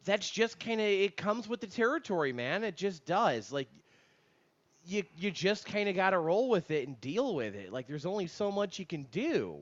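A man's voice: sits high, big pitch swings, normal speed. A man co-hosting a casual chat, talking loosely with lots of fillers and swearing. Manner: loose, swearing, filler-heavy banter with frequent laughs. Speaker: podcast co-host. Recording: muffled lo-fi sound.

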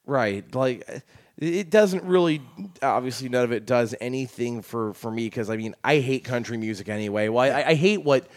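A man hosting a sports talk radio show, bantering in a relaxed, agreeable way. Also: medium pitch, normal speed, no room sound, studio quality. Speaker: radio host.

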